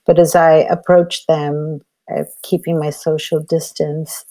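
A woman's voice: sits low, level tone, a little slow, dark tone. Older woman telling a story. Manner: reflective, conversational, with many "you know" fillers. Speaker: healer and elder. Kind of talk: personal storytelling.

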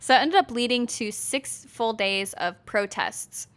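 A woman co-hosting a podcast, recounting history in a relaxed chatty way with lots of fillers and casual swearing. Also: fairly high pitch, a little slow. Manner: laid-back, fillers and laughs, swears casually. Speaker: podcast co-host.

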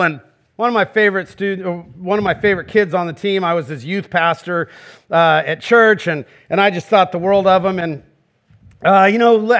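Male pastor, middle-aged, high and light voice, casual questioning sermon delivery. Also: a bit bright. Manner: conversational, asks the congregation questions, acts out quoted voices.

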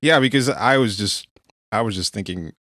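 Deep-voiced man explaining calmly. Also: moderate pace, no room sound, studio quality. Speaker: podcast co-host. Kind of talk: casual group chat.

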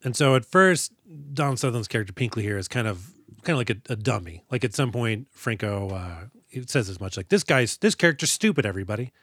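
A man's voice: on the low side, expressive, fast talker, fairly bright tone, no room sound, clean studio sound. A man co-hosting a casual movie podcast, joking and acting out lines from films. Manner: jokey, acts out movie lines in quoted voices. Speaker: podcast co-host.

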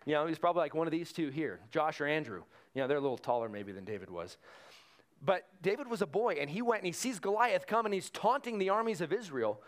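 Male pastor, slightly high voice, easygoing sermon delivery with lively storytelling. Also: fast talker. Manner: conversational preaching, animated retelling of stories.

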